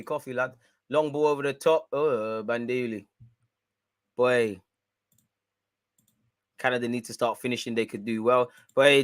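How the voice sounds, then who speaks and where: A man hosting a live football watch-along, reacting excitably and chatting with viewers in slang. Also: on the high side, no room sound.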